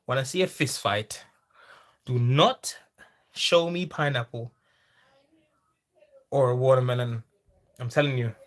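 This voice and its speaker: Man hosting a live chat, average pitch, loose and friendly, answers viewers as they come. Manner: lively and chatty, with sudden high-pitched exclamations. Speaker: farming livestream host. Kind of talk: casual live chat, reading viewer comments.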